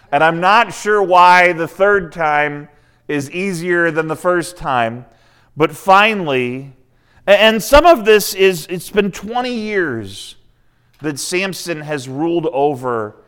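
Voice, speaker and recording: A man's voice: on the high side, takes it slowly, a bit bright, smooth. A man giving a sermon, retelling a scripture story in a conversational way with asides to the listeners. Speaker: preacher.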